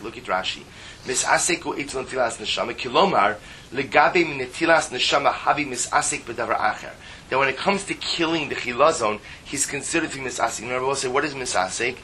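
Bright-voiced man teaching a Talmud class. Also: medium pitch, a little hiss or hum, poor audio. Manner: explaining with rhetorical questions, mixing Aramaic terms into English.

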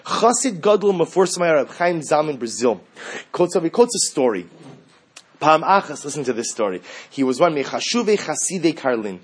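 Male rabbi, sermon delivery, slightly high and husky voice, explains religious sources and climbs loud and high when acting out quotes. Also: big pitch swings, normal speed. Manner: reads Hebrew sources, then explains them in English; rises sharply in pitch and volume when acting out quotes. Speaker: rabbi teaching Torah.

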